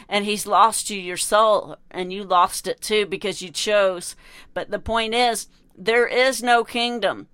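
A woman's voice: medium pitch, a bit bright, clean tone, dry recording. A woman delivering an impassioned monologue in a preachy, condemning, repetitive way.

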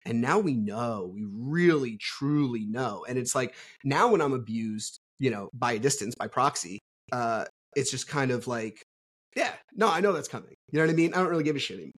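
A man speaks in a husky, somewhat breathy voice, easygoing and conversational. He is blunt and candid, swearing freely as he tells his story on a podcast. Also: medium pitch, expressive, fairly quick. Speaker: podcast guest. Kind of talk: casual conversational interview.

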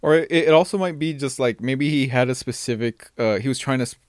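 A man's voice: medium pitch, a little fast, dry recording, clean studio sound. A man co-hosting a podcast in casual chat, hesitant and full of restarts. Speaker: podcast co-host.

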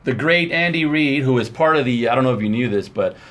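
A man co-hosting a casual sports podcast, excitable and playful. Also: mid-range voice, a little fast. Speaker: podcast co-host.

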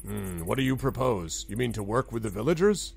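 Male game master, low gravelly voice, relaxed and halting narration. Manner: laid-back, hesitant, many fillers, laughs often.

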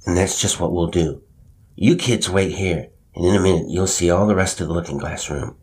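A man's voice: low-pitched, normal speed, darkish tone, slightly rough. A man doing a self-assured teenage boy. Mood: eager. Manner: sardonic, earnest. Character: thirteen-year-old boy, eldest brother, self-assured.

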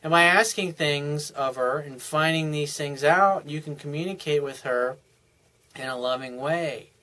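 A man's voice: fairly high pitch, measured pace, bright, forceful tone. A man giving relationship advice in an unscripted monologue, earnest and frank, explaining things step by step in casual, plain language.

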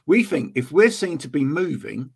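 A husky-voiced man hosts a relaxed podcast discussion, pitched a little high for a man. He talks in an animated way, laughs often and slips into voices to act out what others say. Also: normal speed. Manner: animated, laughing, acts out quoted people. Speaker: podcast host. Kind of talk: casual chat.

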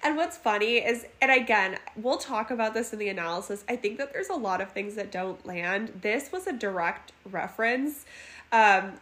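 This woman's voice sits at medium pitch with a fairly bright tone and a moderate pace. As a podcast co-host in a laid-back movie recap, she reads the plot summary aloud, breaking into frequent laughter between lines.

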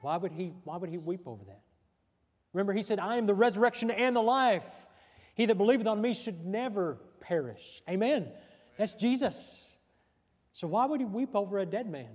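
A man preaching a sermon as pastor, pausing often, repeating rhetorical questions and letting his voice drop softly at the ends of lines. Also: high voice, lively intonation, husky. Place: church sanctuary. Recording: church hall reverb.

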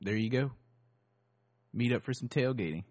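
A man co-hosting a podcast in casual chat. He jokes around and loses his train of thought, and his voice is hoarse. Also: medium pitch, moderate pace, darkish tone, dry recording, clean studio sound. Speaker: podcast co-host.

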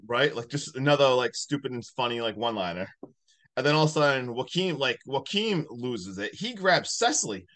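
A man hosting a podcast, casually recapping a movie in a rambling, animated way full of "like". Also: mid-range voice, fairly quick. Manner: rambling, animated retelling with many likes. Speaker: podcast host.

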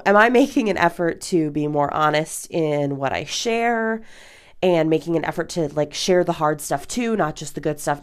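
A woman in her thirties hosting an advice podcast, talking candidly and casually with lots of fillers and some swearing. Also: low-pitched. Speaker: podcast host.

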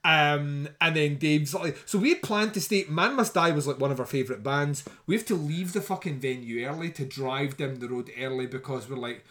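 A man's voice: fairly high pitch, normal speed, few pauses. Man telling a story, sweary. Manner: swears often, animated and laughing while telling a story. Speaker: podcast host. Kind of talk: casual storytelling.

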